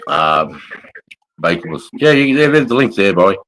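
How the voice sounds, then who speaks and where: Middle-aged Australian male streamer, very low voice, crude and matey, casual banter. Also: big pitch swings, normal speed, a bit bright, a little hiss or hum, low-quality recording. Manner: blunt, heavy swearing, matey. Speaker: livestream host, army veteran. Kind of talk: casual livestream chat, reading comments.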